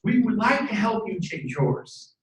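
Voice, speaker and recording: A man in his fifties giving an energetic motivational talk to a live audience, preachy and animated, with sudden shouted bursts and jokey asides. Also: high-pitched, unhurried. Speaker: motivational speaker at a team training event. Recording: echoey room from a distant mic.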